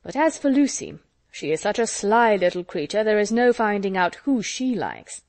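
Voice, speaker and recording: A woman puts on a jolly older matron in a storybook, loud and hearty, chattering on with a raised voice. Her tone is mellow and the sound close and dry. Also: medium pitch, very animated, moderate pace, no echo.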